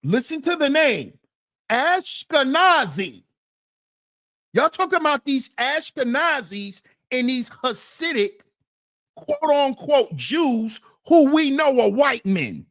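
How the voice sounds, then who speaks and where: Man streaming, lively swooping pitch, dry close sound, emphatic and mocking, repeats himself. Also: slow pace, no room sound. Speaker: livestream host reading chat comments. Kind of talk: casual livestream commentary.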